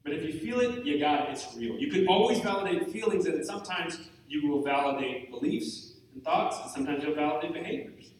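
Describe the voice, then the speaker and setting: A man's voice: a little high, lively intonation, a little fast, hardly any pauses, recorded from a distance. A man giving a candid, joking and self-deprecating talk to a live group at a retreat. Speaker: retreat speaker. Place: large room with an audience. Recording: echoey hall, mic from afar.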